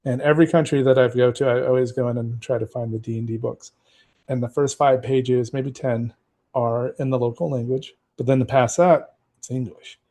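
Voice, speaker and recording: A man's voice: medium pitch, fairly even intonation, normal speed, warm tone. A man in casual podcast conversation, rambling with many fillers and restarts as he talks about running games. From United States. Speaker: game master and guest.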